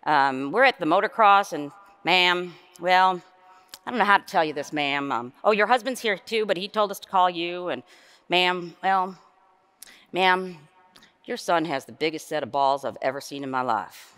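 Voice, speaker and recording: A man's voice: high-pitched, animated, sharp tone, clear, resonant tone. Woman putting on a drawling Southern EMT man. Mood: hesitant. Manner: halting, polite, lots of "ma'am". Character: hesitant drawling Southern male EMT caller.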